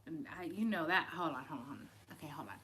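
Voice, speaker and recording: Bright, chatty woman reading tarot live. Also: low-pitched, expressive, fast, a little hiss or hum. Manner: chatty and emotional, addresses viewers by name, laughs often. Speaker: tarot reader on a live stream. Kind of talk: casual live-stream chat and tarot reading.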